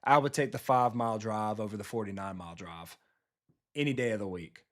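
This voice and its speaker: A man streaming a football video game live, talking casually and bluntly with his viewers and reacting quickly to the plays. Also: fairly low pitch. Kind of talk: live gameplay commentary, chatting with viewers.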